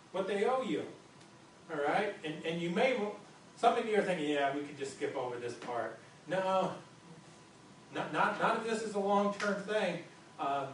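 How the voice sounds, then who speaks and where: A male pastor preaching a sermon in a conversational way, often stumbling and repeating words as he restarts sentences. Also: sits high. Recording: very echoey hall, distant mic, faint noise.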